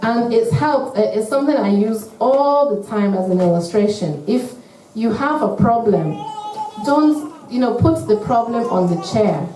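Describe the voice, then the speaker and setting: Woman, church speaker, mellow voice, earnest measured teaching, echoey hall, a bit distant from the mic. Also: a little high, animated. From United Kingdom. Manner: earnest, measured teaching with acted-out example phrases. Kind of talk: church talk to couples.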